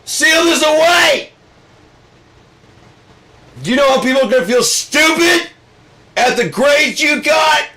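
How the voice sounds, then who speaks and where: A man voicing a group of panicking male experts who shriek and beg in high, frantic shouts. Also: animated, slow, pauses often, exaggerated voice. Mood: panicked pleading.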